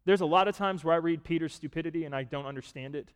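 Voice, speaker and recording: A man preaching a sermon, retelling a story and asking listeners to picture it, rising to loud, emphatic points. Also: on the high side, fast, clean tone. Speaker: pastor. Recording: long reverb of a large hall.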